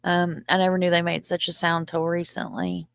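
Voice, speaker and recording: A woman's voice: fairly low pitch, animated, normal speed, gravelly, clean tone, dry recording, studio quality. A middle-aged woman, hosting a casual live stream, reading comments aloud in a chatty, loose and profane way. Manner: chatty, loose and profane, stumbles over words.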